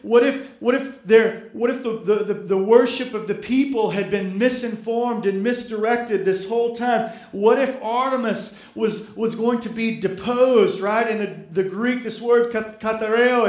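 A man's voice: high voice, roomy sound. A male pastor preaching a sermon, repeating key phrases and calling on the congregation to respond. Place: church sanctuary.

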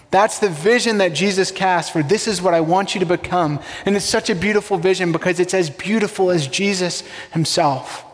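High-voiced male pastor in a reverberant hall. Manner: conversational preaching with rhetorical questions. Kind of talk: sermon.

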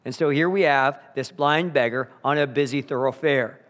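A man preaching a sermon, earnest and emphatic, slowing down to repeat key phrases, in a church sanctuary. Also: medium pitch, a bit bright. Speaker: pastor. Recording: long hall reverb.

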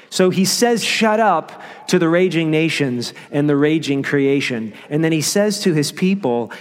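Man, pastor, sermon, emphatic, slows on key phrases, reverberant sanctuary. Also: medium pitch.

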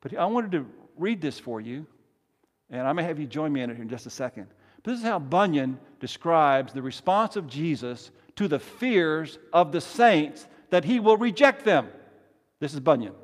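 A man preaching a sermon as pastor, emphatic and swinging from soft to loud, leading his congregation in call-and-response. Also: fairly high pitch, sing-song, normal speed. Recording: long reverb of a large hall.

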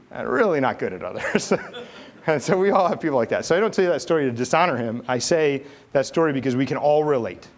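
Man, middle-aged pastor, conversational sermon, animated storyteller, mid-pitched voice.

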